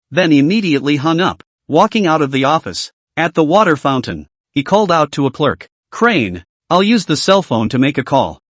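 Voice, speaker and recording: A man reading a story recap aloud, handling both the narration and the characters' dialogue in one steady reading voice. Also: fairly high pitch, dry recording.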